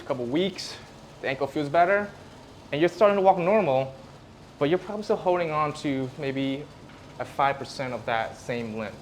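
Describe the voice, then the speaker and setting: A physical therapist gives a casual, conversational presentation to a live audience in a room, acting out examples as he explains. His voice is medium-pitched, and there's slight background noise.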